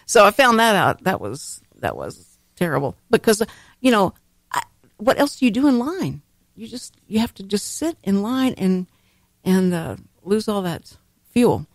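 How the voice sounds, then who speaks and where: A woman's voice: mid-range voice, sing-song, unhurried, dry recording. A woman hosting a radio talk show, chatting in a rambling way and laughing often. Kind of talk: casual chat. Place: radio studio. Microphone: studio microphone.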